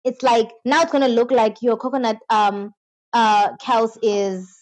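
A woman's voice: a little high, steady tone, unhurried, darkish tone. A woman co-hosting a podcast, chatting casually and often imitating others. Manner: chatty, laughing, imitates people. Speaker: podcast co-host. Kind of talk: casual chat.

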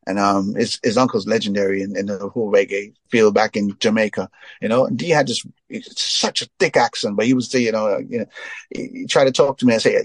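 A man from Trinidad, a reggae singer giving a relaxed interview, telling long stories packed with "you know" fillers. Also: on the low side, brisk, breathy edge, dry recording. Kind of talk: casual storytelling interview.

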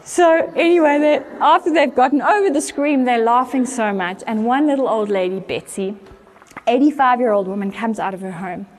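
A woman pastor, telling a story in an animated way during a sermon. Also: on the high side, moderate pace. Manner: animated storyteller, acts out voices with laughter. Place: church.

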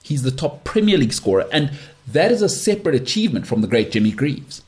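This is a man with a middle-pitched voice hosting a sports podcast on his own. He talks emphatically and dismissively, cutting off opposing views and driving his points home by repeating them. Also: big pitch swings, fast talker, darkish tone. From South Africa. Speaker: podcast host. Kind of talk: opinionated solo sports talk.

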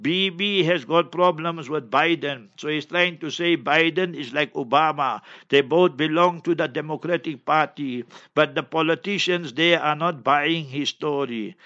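Male, South African accent, fiery commentator, bright tone, muffled recording. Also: a little high, measured pace, hardly any pauses. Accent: South African English. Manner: forceful, indignant, mocking quoted voices. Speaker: religious speaker giving commentary. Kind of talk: impassioned commentary on current events.

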